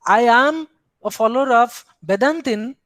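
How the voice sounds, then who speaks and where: A man's voice: very high voice, moderate pace, fairly bright tone, no echo. Man lecturing, Indian English accent. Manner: rhetorical questions, speaks in the voice of the tradition he discusses. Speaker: philosophy lecturer. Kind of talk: academic lecture.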